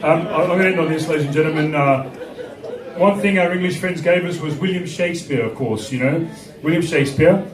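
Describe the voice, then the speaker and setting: Male comic and MC, fairly high voice, playing to a big roaring crowd. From Australia. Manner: slips into quick comic accents and character voices. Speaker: comedian and MC. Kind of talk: stand-up comedy routine. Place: large event venue with a laughing crowd. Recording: echoey venue recorded from far off.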